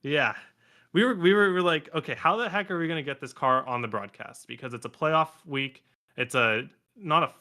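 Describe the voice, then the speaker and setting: A man guesting on a podcast, telling a story in a lively, animated way and acting out what other people said. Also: mid-range voice. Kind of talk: casual storytelling chat.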